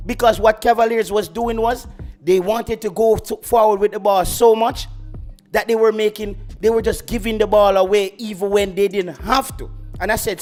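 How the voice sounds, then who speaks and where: A man's voice: high voice, steady tone, normal speed, darkish tone, faint music behind. A Jamaican man hosting a football channel, ranting boastfully on a livestream and slipping into patois. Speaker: football YouTube host. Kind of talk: heated livestream football rant.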